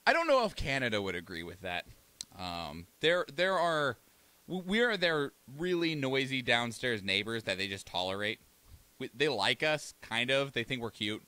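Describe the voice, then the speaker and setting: A man's voice: mid-range voice, big pitch swings, normal speed, pushed and bright, no room sound. A young American man hosting a podcast, talking casually and profanely, rambling and acting out countries in mock voices. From United States. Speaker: podcast host. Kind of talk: casual solo commentary.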